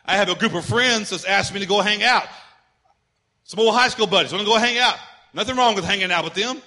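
A middle-aged male pastor with a high voice preaches conversationally, telling humorous personal stories and swinging between loud emphasis and quiet asides.

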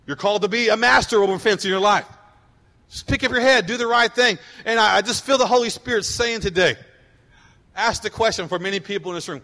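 A man preaching a sermon to a room of people, fervent, repeating his points and rising to shouts. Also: sits high, a little fast, long reverb tail. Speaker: pastor. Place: large hall with an audience.

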